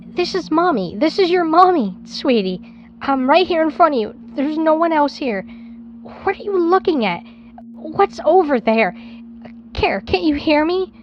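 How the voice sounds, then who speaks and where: A woman's voice: sits high, a little hiss or hum. A woman playing a grieving, clinging mother. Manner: doting, then frantic and pleading. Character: grieving mother of a missing daughter. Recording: dry, dull lo-fi clip.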